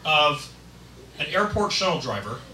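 A man's voice: a little high, sing-song, unhurried, bright, forceful tone. A man performing a stand-up set, chatting between his impressions. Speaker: stand-up comedian. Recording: roomy, distant, noisy live room.

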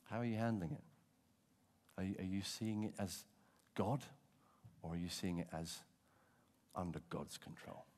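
A man preaching a sermon as pastor, telling stories with animation and dropping to a hush for emphasis. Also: low-pitched, moderate pace, long pauses, long reverb tail. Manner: animated storytelling, acting out voices, dropping to hushed emphasis.

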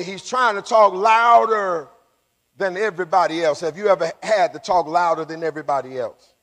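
High-voiced preaching pastor in a reverberant hall. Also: male voice, moderate pace. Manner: call-and-response preaching, building to shouts. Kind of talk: sermon. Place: church sanctuary.

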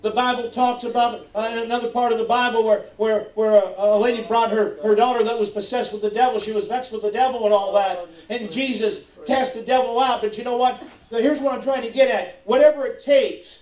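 High-voiced preaching pastor in a roomy church. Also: male voice, steady tone, brisk. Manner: impassioned preaching, voice climbing high when pleading in prayer. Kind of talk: sermon. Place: church sanctuary. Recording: roomy, distant, dull church recording.

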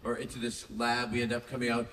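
A man's voice: mid-range voice, fast talker. Guy on a con panel telling a funny story, echoey hall, mic kinda far off. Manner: animated storyteller, chuckling. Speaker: actor on a convention panel. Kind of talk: telling stories on a fan convention panel. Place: large convention hall. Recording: echoey hall, distant mic, some noise.

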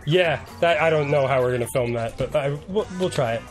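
A man's voice: mid-range voice, brisk, soft background music. A man co-hosting casual video game commentary, teasing his partner with playful ribbing. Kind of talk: casual let's-play commentary.

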